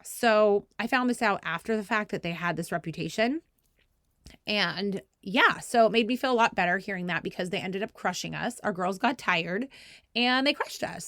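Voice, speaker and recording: 30s woman podcast host, rambly and funny, tons of "like", dry close mic. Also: dry recording. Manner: animated, acts out quotes in a higher voice, laughs often; heavy use of "like" fillers. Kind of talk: casual storytelling chat.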